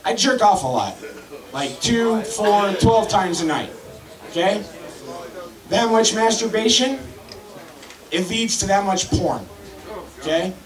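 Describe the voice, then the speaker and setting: A man in his thirties hosting and doing crude, deadpan stand-up comedy to a crowd. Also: high voice, slow pace, pauses often, recorded from a distance. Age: 30s. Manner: crude, deadpan joke delivery. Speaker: comedy host. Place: crowded club, roomy. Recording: echoey room, mic from afar, loud crowd.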